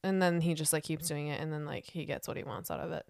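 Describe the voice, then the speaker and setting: A woman's voice: low-pitched, steady tone, quick pace, gravelly, no echo. A young woman in her twenties in casual chat, mostly answering briefly and teasing with dry jokes. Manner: supportive listener, short replies, dry jokes.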